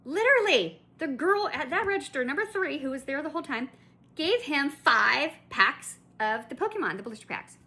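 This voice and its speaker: A woman's voice: sits high, big pitch swings, moderate pace, pushed and bright. A woman vlogger telling a shopping story in a chatty, indignant way, full of asides and restarts. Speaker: collector vlogger. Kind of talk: casual ranting storytelling.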